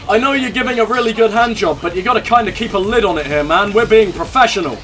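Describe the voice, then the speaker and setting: A man's voice: high-pitched, fast, a bit bright. A young man hosting a let's play, cracking crude jokes in casual gameplay commentary. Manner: joking, crude banter with laughs.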